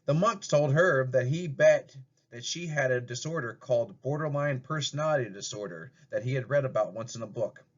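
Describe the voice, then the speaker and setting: A man reads a fairy tale aloud in a plain, steady narrating voice. His pitch is ordinary for a man. The recording sounds dull and lo-fi. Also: moderate pace. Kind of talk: amateur storybook reading.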